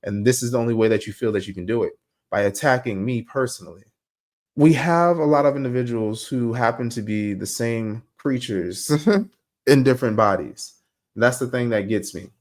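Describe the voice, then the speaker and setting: A young man hosting a podcast, talking casually and telling stories in a slangy, animated way. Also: medium pitch, moderate pace. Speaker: podcast host. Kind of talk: casual monologue.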